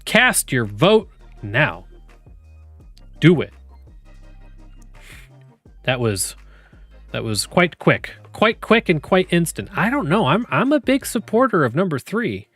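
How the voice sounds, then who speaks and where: A man's voice: sits high, big pitch swings, a little slow, pauses often, a bit bright, no room sound, faint music behind. Joking, laughing male podcast host. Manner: joking, laughs often, swears casually. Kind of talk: casual chat, reading game prompts aloud to chat.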